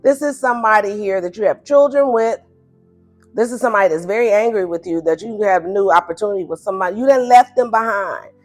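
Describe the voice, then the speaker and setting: A woman giving a casual tarot reading, animated and blunt, who laughs often and acts out the listener's replies in playful higher tones. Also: quick pace. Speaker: tarot reader. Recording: faint music behind.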